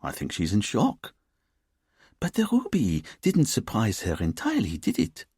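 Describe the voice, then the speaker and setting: A sharp, inquisitive woman detective, as a male narrator voices her. She probes with calm questions. Husky, dry delivery with a lively lift. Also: on the low side, measured pace, no room sound, full character voice. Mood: probing.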